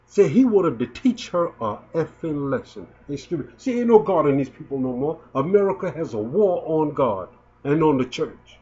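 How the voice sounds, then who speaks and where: A video blogger in his fifties gives emotional commentary in a sing-song, mellow voice on the high side, at a normal pace. He sounds indignant and stumbles, repeating his words. The recording is dull and lo-fi.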